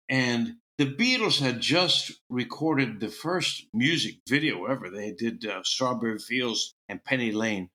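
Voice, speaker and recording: Bright, lively older storytelling man. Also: medium pitch. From Tampa, Florida. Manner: lively, acts out the people in his stories. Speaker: guest musician. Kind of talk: anecdotal storytelling.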